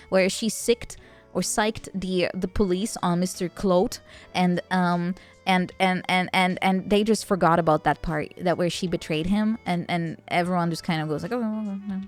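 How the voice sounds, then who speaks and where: A woman streamer in loose, casual chat, rambling from one joke to the next and laughing often. Her voice sits at an ordinary middle pitch. Soft music plays faintly behind her. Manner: rambling, joking, quick to laugh.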